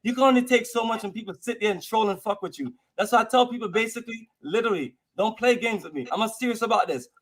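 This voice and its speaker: A man's voice: sits high, fast, hardly any pauses, rough recording. A man in his fifties being interviewed, talking in a heated, combative way, cursing and hurling insults. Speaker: business owner guest.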